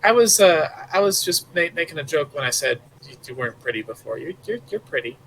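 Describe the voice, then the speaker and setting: A man voicing a blunt young woman who speaks haltingly and hesitantly. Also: fairly high pitch, expressive, gravelly, fairly bright tone, slight background noise, poor audio. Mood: awkward. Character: blunt young woman vendor, awkward apology.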